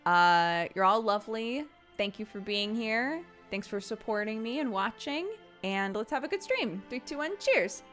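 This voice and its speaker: A woman streaming to her viewers in a casual chat, telling stories with lively laughter and acting out the voices of others. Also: mid-range voice, moderate pace, soft background music. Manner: animated storytelling, frequent laughter; acts out quoted voices while retelling.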